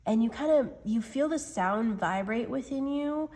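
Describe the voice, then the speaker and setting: A woman giving an unscripted tarot reading in a gentle, hesitant way, with many pauses and fillers. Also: high voice, lively intonation. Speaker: tarot reader.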